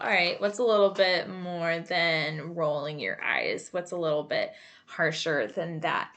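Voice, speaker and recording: A woman therapist talks through an exercise in a slow, unhurried way, full of casual fillers and little asides. Her voice sits a bit low, and she takes her time over every point. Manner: relaxed, chatty, many fillers and asides. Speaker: creative arts therapist. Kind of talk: casual instructional talk.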